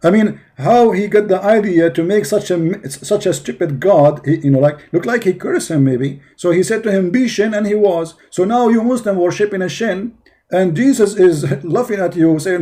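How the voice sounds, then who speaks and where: A man's voice: sits high, expressive, normal speed, warm tone. A man in a heated religious debate, mocking and interrupting his opponent. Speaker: debater, Christian apologist.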